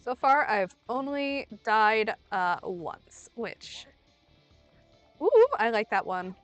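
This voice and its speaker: A young woman streaming a game and chatting casually, rambling and playful, with sudden loud outbursts, while she is under the weather. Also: a little high, expressive, slow, clean tone, no echo, lo-fi sound. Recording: faint music behind.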